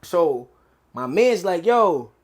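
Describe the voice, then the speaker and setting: High-voiced New man telling a story. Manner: animated street slang, quick quoted dialogue. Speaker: interview guest. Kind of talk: casual storytelling.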